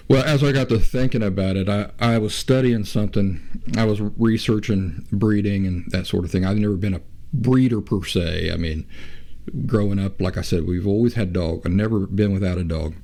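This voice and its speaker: A man hosting his own show, talking in a reflective, unhurried way with frequent restarts and pauses. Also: on the low side, dark tone. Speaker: podcast host. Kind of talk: reflective casual talk.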